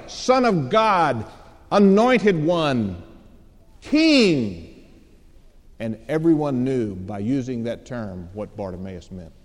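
Acting out each character, a man tells a sermon story with dramatic flair. His pitch is medium and his tone somewhat dark, heard through a long reverberant hall.

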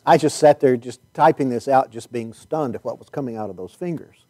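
A man preaching a sermon, reading Bible verses and stretching key words slowly for emphasis. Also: mid-range voice, warm tone, dry recording.

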